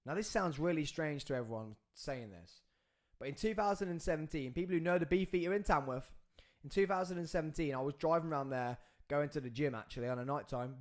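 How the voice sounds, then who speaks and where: A man, hosting a podcast and telling a story in an animated, excitable way, with big swings in pitch and loudness as he acts out the scenes. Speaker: podcast host.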